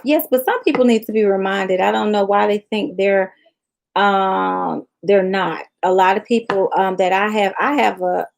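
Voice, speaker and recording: A middle-aged woman from Memphis talks in a loose, folksy Southern drawl, reading her viewers' comments on a live tarot stream. Her voice has a gravelly, fry-laced edge at a middling pitch. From Southern United States. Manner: folksy, reads viewer comments aloud and addresses them as y'all and honey. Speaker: tarot reader on a livestream. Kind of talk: casual livestream chat with viewers.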